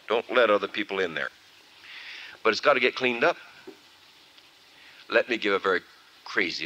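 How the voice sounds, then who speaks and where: A man's voice: low-pitched, poor audio. A man preaching a sermon at a camp meeting, telling a story and acting out its scenes. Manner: animated storytelling, acts out scenes. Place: camp meeting before a live audience. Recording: archival 1979 camp meeting recording.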